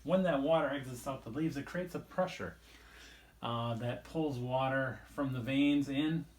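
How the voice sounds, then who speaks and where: A man's voice: mid-range voice, unhurried. A man teaching a recorded biology lesson, explaining casually and rambling a little as he draws and talks through the page. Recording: echoey room.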